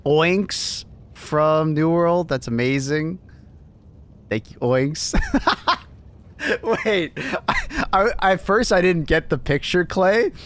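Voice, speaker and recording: A man's voice: a little high, lively intonation, takes it slowly, pauses often, a bit bright. A man hosting a livestream in casual chat, laughing often and swearing loosely as he reads messages.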